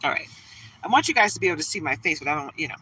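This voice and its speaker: A woman's voice: low voice, big pitch swings, very fast, sharp tone, slight background noise, poor audio. A woman from Detroit, Michigan hosting a live tarot stream, chatting bubbly and greeting viewers by name. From Detroit, Michigan, USA. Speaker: livestream tarot reader. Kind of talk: casual livestream chat.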